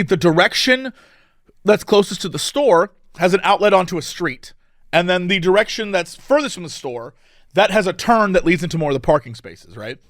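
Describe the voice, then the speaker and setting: A man with a high, very lively voice tells a long story. He jumps in and out of other people's lines as he goes. The recording is close and dry. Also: no echo. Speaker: podcast co-host. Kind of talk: casual storytelling.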